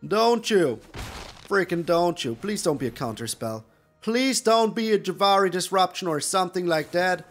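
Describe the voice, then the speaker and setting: A man's voice: high-pitched, very animated, normal speed, fairly bright tone, soft background music. A man hosting a gaming channel, giving live gameplay commentary with theatrical groans and pleas at his opponent.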